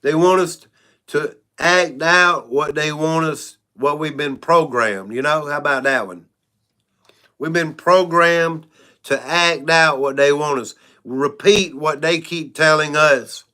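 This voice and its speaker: Rambling man, bright clear voice. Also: a little high, slow. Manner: rambling, frank, frequent "y'all". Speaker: channel host. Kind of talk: casual livestream talk.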